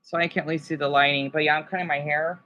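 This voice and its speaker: A man on a casual livestream, talking to his chat in a halting, rambling, sympathetic way with many restarts. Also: fairly high pitch, fairly even intonation, pushed and bright, lo-fi sound, a little hiss or hum. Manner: sympathetic and emotional.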